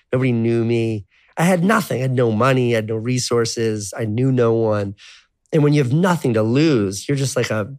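A man in his thirties telling his life story as an interview guest, rambling and profane, full of "like". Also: medium pitch. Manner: rambling, profane, heavy use of filler "like". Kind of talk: casual storytelling.

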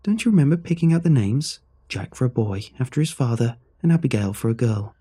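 A man voicing the ghost of a young woman, accusing and slow, in a horror story reading. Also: mid-range voice, expressive, dark tone, slightly rough, pitched above the performer's own voice. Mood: tender. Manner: pleading then bitter, slow reproach.

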